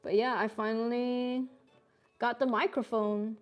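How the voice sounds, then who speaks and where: A young woman with a slightly high voice chats loosely with her viewers as she sketches. She is relaxed and quick to laugh, and swears freely. Soft music plays faintly in the background of her home setup. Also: dull audio. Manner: laid-back, chatty, swears and laughs often. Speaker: artist streamer. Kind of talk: casual live-stream chat while drawing.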